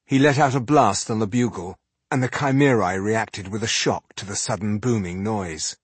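A man narrating a fantasy story in a steady, measured way, recorded close and dry. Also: lowish voice, breathy edge, no room sound. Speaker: audiobook narrator.

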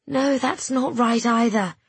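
Woman voicing a gentle fussy choirwoman, middle-aged, slightly raised voice, breathy, dry, audiobook. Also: a little high, lively intonation, measured pace, dry recording, heavily acted. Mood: fretful. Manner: gentle, hesitant, then decisive. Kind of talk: audiobook character voice.

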